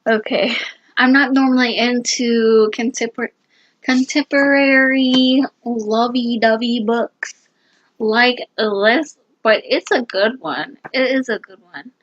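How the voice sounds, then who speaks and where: A woman giving casual reading-vlog check-ins, excitable and gushing, often repeating herself. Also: fairly high pitch, slow pace, no room sound, lo-fi sound. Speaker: booktuber.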